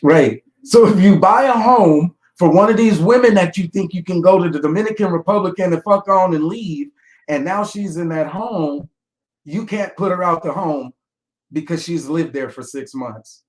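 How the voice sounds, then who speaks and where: A man hosting a livestream and reacting to clips, talking in a loud, profane, animated way that swings between muttering and shouting. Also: sits high, moderate pace.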